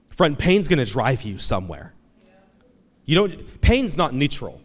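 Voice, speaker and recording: A man preaching a sermon as pastor, animated, breaking into loud, high outbursts as he acts out pleading voices from the story. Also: normal speed, big-room sound. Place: church auditorium.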